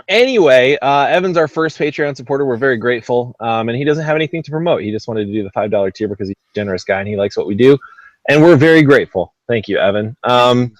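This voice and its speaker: A man's voice: mid-range voice, dry recording, poor audio. A man hosting a casual gaming podcast, rambling with lots of ums and uhs and poking fun at himself. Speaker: podcast host.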